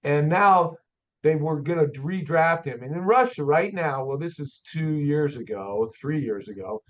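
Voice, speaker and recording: An older man, an auto shop owner, telling a story in a folksy, animated way as a guest on an interview show. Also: a little high, unhurried. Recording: dull lo-fi audio.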